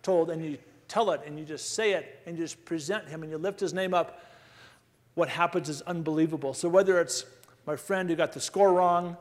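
A man's voice: fairly high pitch, moderate pace, long reverb tail. A man closing a sermon with building, emphatic repetition. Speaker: speaker.

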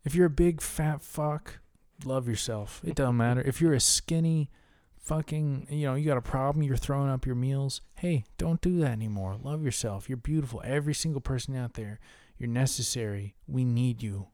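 A man's voice: medium pitch, moderate pace, hardly any pauses, mellow, no room sound, clean studio sound. A man co-hosting a casual podcast, ranting with heavy profanity. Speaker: podcast co-host.

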